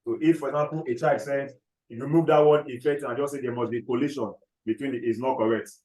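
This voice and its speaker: Male teacher, dictates notes slowly, checks in with class, echoey classroom. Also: mid-range voice, fairly even intonation, mellow. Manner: repeats key phrases slowly, checks understanding often. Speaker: chemistry teacher.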